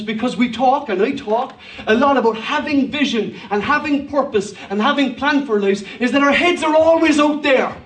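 A male pastor preaching a sermon emphatically, with rhetorical questions and humor, in a church hall. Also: very high-pitched. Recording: echoey hall, voice from a distance.

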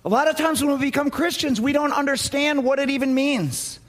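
Speaking briskly, a man preaches as a pastor, narrating a story with drama and sinking into low, hushed tones for effect.

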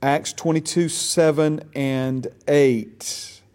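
A man's voice: fairly high pitch, steady tone, extremely slow, darkish tone, clear, resonant tone. A man teaching a Bible class in a conversational way, repeating phrases for emphasis and checking that his listeners follow him.

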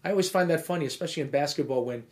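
A man hosting a podcast who works as a referee, chatting casually as an animated storyteller who acts out little scenes. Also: on the high side, very fast.

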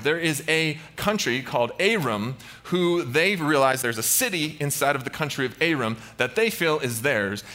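A man's voice: mid-range voice, pushed and bright. A man preaching a casual sermon, retelling a Bible story playfully and slipping into goofy character voices.

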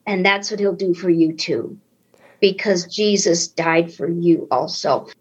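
A woman from the United States giving an earnest, emotional faith testimony as a podcast guest, with restarts and slow emphasis. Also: lowish voice, slightly rough, dull audio. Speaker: guest speaker.

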